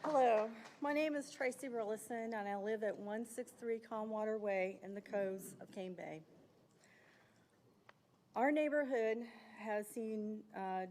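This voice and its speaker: A woman giving a measured, slightly halting public comment at a county meeting podium, with occasional fillers. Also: mid-range voice, darkish tone.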